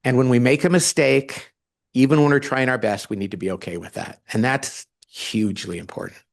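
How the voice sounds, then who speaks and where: A man speaking in a conversational interview with an even, middle-pitched voice. He tells stories with animation and acts out the lines of the people in them. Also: a little fast, vocal fry. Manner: animated storytelling, acts out quoted dialogue. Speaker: guest author.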